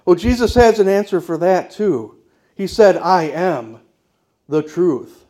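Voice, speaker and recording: A man's voice: high-pitched, slow, warm tone. A man preaching a sermon as pastor, emphatic and declarative, putting rhetorical questions to the congregation.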